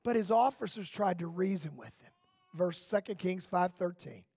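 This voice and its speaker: A man preaching a sermon in church, impassioned, firing off repeated rhetorical questions and rising to shouts. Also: high-pitched, expressive, normal speed, breathy edge, dry recording.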